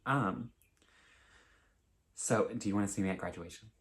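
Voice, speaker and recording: A man's voice: on the low side, normal speed, fairly bright tone. A young man in his twenties chatting casually with viewers in a home craft vlog, rambling and openly emotional. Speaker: cross-stitch vlogger. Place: home, indoors.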